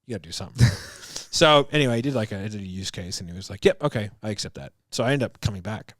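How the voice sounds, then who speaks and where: A man's voice: lowish voice, lively intonation, rapid-fire, a bit bright, no echo, clean studio sound. A man in his thirties telling stories in casual chat, swearing often, laughing through them and acting out what people said. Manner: fillers like "like" and "bro", acts out quotes. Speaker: business coach and podcast guest.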